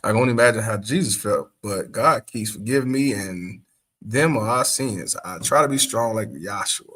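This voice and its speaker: Husky low-voiced man doing reaction commentary. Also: moderate pace, a bit bright. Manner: laughing, profane, repetitive. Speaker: host.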